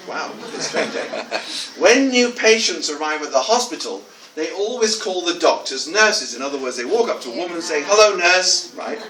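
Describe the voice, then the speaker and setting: A man leads a teachers' workshop in a joking, coaxing way and keeps asking the room for answers. His voice sits high and bright and rises and falls a lot. It is heard from a distance, echoing around a large hall. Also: slight background noise. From England. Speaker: teacher trainer leading a workshop. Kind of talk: lively workshop talk with audience questions.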